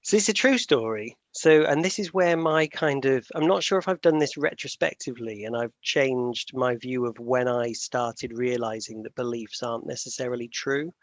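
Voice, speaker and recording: Gravelly man hosting a chatty podcast. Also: medium pitch, moderate pace, hardly any pauses, dry recording. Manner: rambling, self-deprecating storyteller with many fillers and restarts. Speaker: podcast host. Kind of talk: casual conversational podcast chat.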